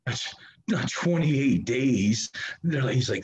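A man's voice: mid-range voice, animated, slow, muffled recording, slight background noise. Candid man rambling through his recovery story. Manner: rambling, candid, self-mocking, many restarts. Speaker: recovery speaker.

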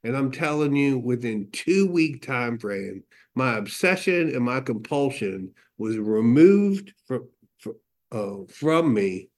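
A man's voice: medium pitch, lively intonation, takes it slowly, a little mellow. A middle-aged man giving a candid personal testimony, telling his story with quoted dialogue, fillers and restarts. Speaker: recovery meeting speaker.

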